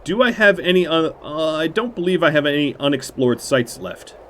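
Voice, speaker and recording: A man's voice: fairly high pitch, normal speed, a bit bright, slight background noise. Man thinking aloud during game commentary. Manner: thinking aloud, self-mocking jokes. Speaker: game streamer. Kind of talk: let's play commentary. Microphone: headset.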